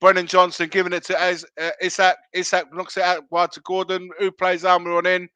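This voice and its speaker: A man's voice: sits high, completely flat delivery, brisk, pushed and bright, clear, resonant tone, dry recording. A man hosting a live football watch-along, calling the play-by-play with chatty asides to his viewers.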